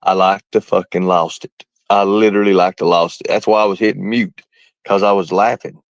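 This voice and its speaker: A man's voice: sits low, steady tone, fairly quick, no echo, dull audio. A man livestreaming, talking to his viewers in a rambling, mocking, folksy way. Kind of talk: casual livestream rant.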